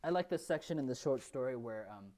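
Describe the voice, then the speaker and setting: A man's voice: mid-range voice, animated, fast talker, a little mellow. A man co-hosting a podcast, recapping films in casual, rambling chat full of fillers and restarts. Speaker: podcast co-host.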